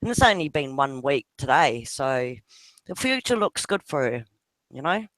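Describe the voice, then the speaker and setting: Very animated and fairly bright, his mid-range voice runs at a moderate pace in a dry recording. On an online video hangout, this father with a New Zealand accent talks about his kids with a friend, laughing frequently and swearing in passing.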